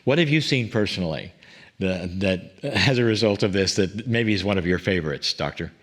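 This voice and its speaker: A man with a very deep voice hosts an interview. He talks earnestly about the value of the process, pausing on fillers and restarting his sentences as he goes. The delivery is conversational rather than polished. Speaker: host. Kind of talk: interview talk.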